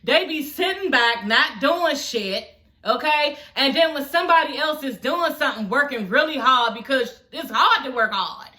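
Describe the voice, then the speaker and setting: A woman's voice: sits high, lively intonation, moderate pace, sharp tone. A woman giving a casual TV show review on her vlog, blunt and profane, chatting straight to her viewers as y'all.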